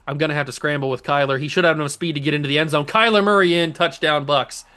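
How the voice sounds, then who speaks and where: A man hosting a gaming channel, giving casual, animated let's-play commentary as he pleads with his players and cheers their plays. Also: a little high, fast talker.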